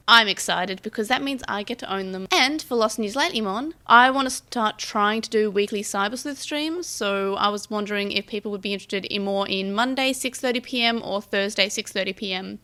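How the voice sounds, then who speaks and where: A woman's voice: medium pitch, pushed and bright. A woman co-hosting a podcast in a casual, chatty way. She often stops and restarts her sentences mid-thought, keeping the talk loose. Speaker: podcast co-host.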